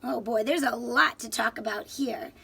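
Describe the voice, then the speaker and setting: A woman's voice: on the high side, normal speed, creaky, pushed and bright, breathy edge. A woman teacher reading a picture book aloud to children, stopping to explain words and ask questions.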